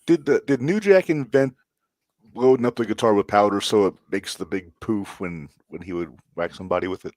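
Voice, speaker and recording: A man's voice: fairly low pitch, fairly quick, a little mellow, no echo. A man co-hosting a podcast, chatting casually and tossing in short, laid-back comments and questions. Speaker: podcast co-host. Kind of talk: casual chat.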